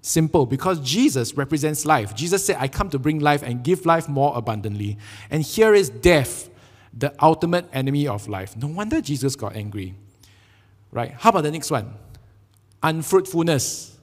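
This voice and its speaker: A young adult man with a Singaporean English accent, preaching a sermon as a pastor, telling stories with lively energy and often checking in with "right?". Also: a little high, moderate pace. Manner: animated storytelling with frequent "right?" tags. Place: church sanctuary. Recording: long church hall reverb.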